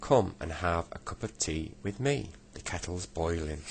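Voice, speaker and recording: A man's voice: deep voice, expressive, unhurried, gravelly, a little hiss or hum, heavily acted. A man voicing a hearty, good-humoured old friend who teases fondly in a storybook reading. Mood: teasing.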